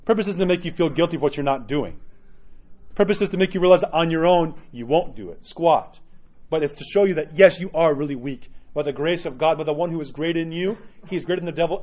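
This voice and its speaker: A man with a somewhat high voice preaches a sermon as an Orthodox priest. He speaks earnestly and with animation, often checking in with his listeners by asking "right?". The recording is dull and lo-fi. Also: darkish tone. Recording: dull lo-fi sound.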